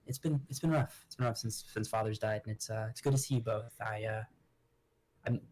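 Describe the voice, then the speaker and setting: A man's voice: lowish voice, steady tone, fairly quick, a little mellow, lightly acted. A man playing an earnest, rambling noblewoman. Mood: somber. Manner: rambling and hesitant, with many restarts. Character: grieving noblewoman adventurer, earnest.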